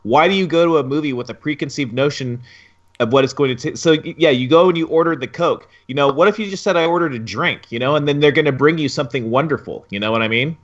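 An older man co-hosting a casual podcast chat, measured and repeating words as he thinks. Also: on the high side, dull audio. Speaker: podcast co-host.

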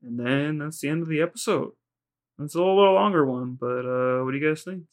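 A man's voice: fairly high pitch, quick pace. A man co-hosting a podcast, recapping episodes in a rambling, casual way, full of "like" and quoted lines. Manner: rambling, heavy use of "like", retells scenes in quoted voices. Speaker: podcast co-host.

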